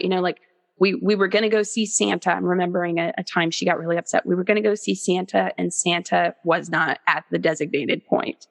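A woman in her thirties or forties, speaking as an interview guest in an earnest, animated way. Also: fairly low pitch, brisk, gravelly, big-room sound. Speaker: guest, author. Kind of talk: conversational interview.

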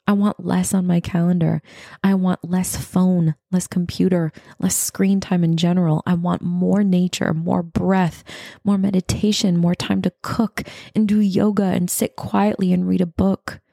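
A woman in her thirties, a podcast host reading her own reflective writing in an earnest, intimate way, slipping into breathy whispers. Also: fairly low pitch, level tone, unhurried, no echo, studio quality. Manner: soft, earnest, intimate address to listeners, drifting into breathy whispers.

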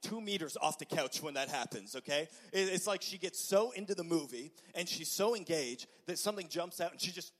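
A young man preaching a sermon as a lively story, with frequent stammered restarts and "okay?" asides. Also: fairly high pitch, fairly quick, few pauses. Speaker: pastor.

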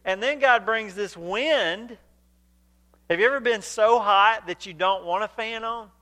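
A male pastor preaching a sermon, animated and emphatic, acting out scripture as he paraphrases it. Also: high voice, unhurried.

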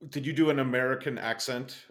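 Male interviewer, mid pitch, hesitant questioner with frequent fillers. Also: steady tone, fast, a bit bright. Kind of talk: casual interview.

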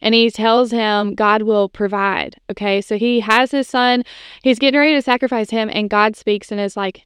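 A woman's voice: on the high side, steady tone, normal speed, clean tone, dry recording, clean studio sound. A woman in her thirties hosting a podcast, telling a personal faith story in a casual, chatty way with frequent "like" and "you know". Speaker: podcast host.

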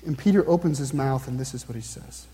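A man preaching a sermon, earnestly posing questions to his listeners and slowing down to read scripture aloud. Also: mid-range voice, mellow. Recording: long reverb, hall-like.

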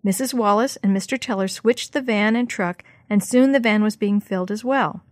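A woman reads a children's chapter book aloud in a clear, expressive storytelling voice at a middle pitch. The recording is close and dry, with no room sound. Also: normal speed, dry recording. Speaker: narrator.

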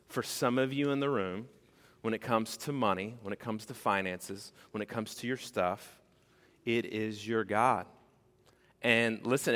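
Male pastor, lively sermon delivery, casual asides, long hall reverb. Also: fairly low pitch. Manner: animated preaching, acts out quoted voices. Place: church sanctuary.

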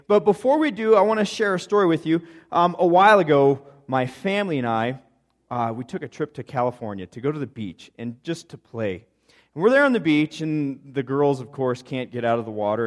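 A male pastor delivers a conversational sermon built around a personal story. His voice sits high for a man and swings widely, chatty and playful throughout.

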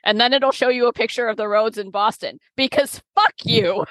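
A woman's voice: on the high side, moderate pace, a bit bright, no room sound, rough recording. A woman co-hosting a podcast in casual chat, dropping wry, sarcastic quips. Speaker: podcast co-host.

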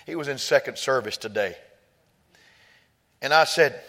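Preaching man, hushed then shouting. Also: mid-range voice, lively intonation, normal speed, pauses often. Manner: swings from soft storytelling to loud shouted peaks. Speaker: pastor. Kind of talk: sermon.

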